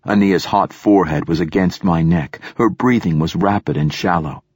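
Deep husky male audiobook narrator. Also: normal speed, darkish tone, no echo, studio quality. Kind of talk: scripted narration.

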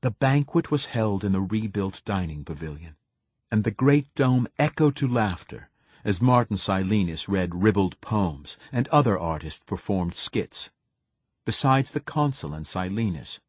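A man reading a novel aloud as an audiobook narrator, in a measured, even storytelling manner. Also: lowish voice, slightly rough, dry recording. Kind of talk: scripted narration.

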